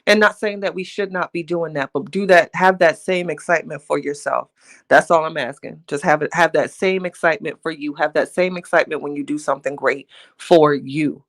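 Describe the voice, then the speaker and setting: A woman's voice: low voice, a little fast. Chatty laughing older woman livestreaming. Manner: chatty, laughs often, talks straight to viewers; playful, teasing, self-mocking. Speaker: livestream host. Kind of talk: casual motivational livestream chat.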